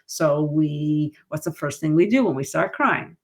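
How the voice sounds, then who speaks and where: A woman grief counselor and author talking in an interview, lively and jumping high in pitch when she quotes people. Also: measured pace. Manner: animated, rises high when quoting others. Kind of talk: conversational interview.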